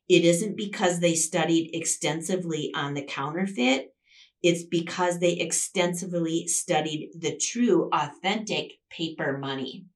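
Woman host, devotional teacher: low, unhurried, emphatic, repeats herself, mic set back. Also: far from the mic. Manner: emphatic, repeats key phrases for stress. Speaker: Christian devotional podcast host.

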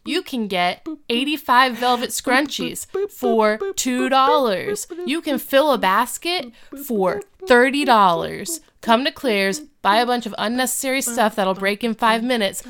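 A woman's voice: a little high, normal speed, a crowd in the background, lightly acted. A woman putting on an upbeat, salesy voice as a store ad announcer in a parody ad. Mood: peppy. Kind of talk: parody radio ad.

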